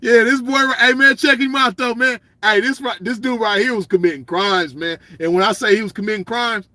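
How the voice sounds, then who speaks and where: A man delivers a swaggering solo rant, blunt and profane, circling back on his points. His voice sits high and sounds bright and forceful. The recording is close and dry. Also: fairly quick, dry recording. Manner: blunt, swaggering, profane, repeats "you know what I mean". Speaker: commentator. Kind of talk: ranting solo monologue.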